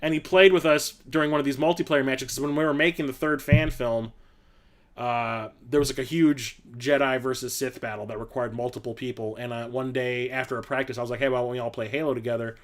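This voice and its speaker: A man's voice: mid-range voice, steady tone, fairly quick. A young adult man hosting a casual live-stream chat, rambling through stories and laughing often. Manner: rambling storyteller, laughs often, acts out quotes loudly.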